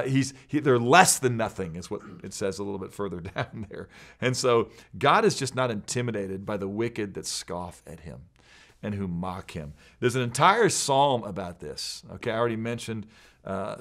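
A man teaching from scripture in an earnest, emphatic way, quoting verses. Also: fairly low pitch. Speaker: pastor. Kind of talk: preaching bible teaching.

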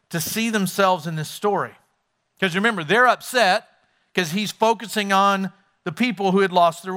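A man's voice: sits high, bright, forceful tone. A man preaching a sermon on a Bible parable, acting out the characters' lines as he retells the story. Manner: acts out the story's characters in voices. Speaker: pastor.

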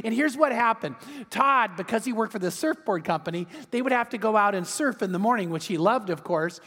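High-voiced pastor preaching in a reverberant hall. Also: male voice, brisk. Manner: animated storytelling, repeats words. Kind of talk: sermon.

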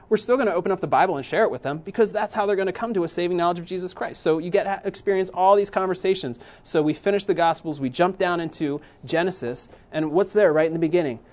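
Fairly high-voiced man, animated church speaker, a dad. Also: fast. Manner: animated, with many restarts. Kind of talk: church talk to parents.

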